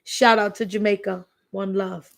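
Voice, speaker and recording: A woman's voice: mid-range voice, level tone, moderate pace, creaky. A woman, hosting a live question-and-answer stream and telling candid stories with emphatic repeats. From the Bronx, New York City. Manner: chatty, candid, tells anecdotes with emphatic repeats. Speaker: host. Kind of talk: live Q&A chat with storytelling.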